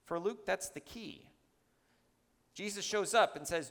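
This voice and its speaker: Man preaching with a gravelly lively voice. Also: high-pitched, unhurried, big-room sound. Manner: emphatic, with chatty asides to the congregation. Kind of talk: sermon.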